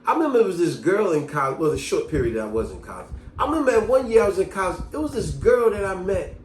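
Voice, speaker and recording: Guy telling stories to the camera, kinda high voice, animated, echoey room. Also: fast. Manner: animated storyteller, lively delivery. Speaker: vlogger. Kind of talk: casual storytelling monologue.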